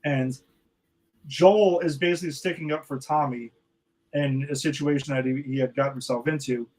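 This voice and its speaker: A man co-hosting a podcast, talking casually and excitably about a TV episode, with loose swearing. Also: medium pitch, normal speed, rough recording. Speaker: podcast co-host.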